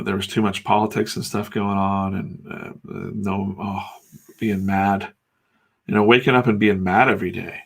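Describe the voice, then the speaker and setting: A man's voice: deep voice, gravelly, a bit bright, slightly rough. A middle-aged man from the United States chatting casually and candidly, with some swearing, while he draws. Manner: rambling, candid and profane. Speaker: comics artist and channel host. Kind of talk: casual talk while drawing.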